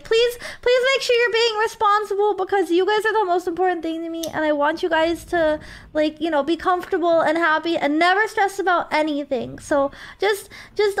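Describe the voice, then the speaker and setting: While streaming a game, a woman chats casually and, close to tears, emotionally thanks her viewers. Her voice is very high and a bit bright, and she sounds tearful.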